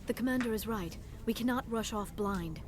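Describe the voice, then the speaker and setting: A woman playing an earnest alien scientist from a video game, polite and careful with her words. Her voice sits a touch high and precise. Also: normal speed, close to an everyday voice. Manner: earnest, formal.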